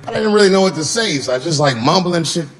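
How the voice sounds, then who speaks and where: A man's voice: on the high side, animated, rapid-fire. A man doing a stand-up comedy set, telling a long story and acting out the people in it. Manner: storytelling with acted-out voices, profane. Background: audience laughter.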